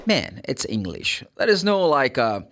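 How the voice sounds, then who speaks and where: A man's voice: mid-range voice, big pitch swings, measured pace, fairly bright tone. A man with a Brazilian Portuguese accent teaching English pronunciation in a chatty, jokey way, repeating phrases and laughing at himself. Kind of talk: casual online pronunciation lesson.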